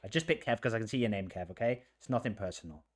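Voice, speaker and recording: A man's voice: fairly low pitch, animated, very fast. Playful man hosting a podcast. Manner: playful, jokey, rambling. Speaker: podcast host. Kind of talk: casual chat.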